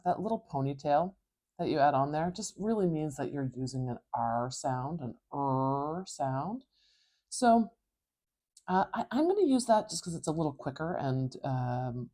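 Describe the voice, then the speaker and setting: A woman pronunciation coach teaching phonetic transcription, patiently modeling each sound slowly and aloud in a North American accent. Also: low voice, mellow. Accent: North American English. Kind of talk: tutorial explaining phonetic transcription.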